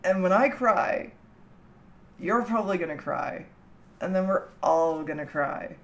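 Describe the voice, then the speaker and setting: A woman's voice: on the low side, expressive, unhurried, muffled recording. A young woman from Canada chatting casually with her livestream chat from home, teasing and laughing often. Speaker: streamer.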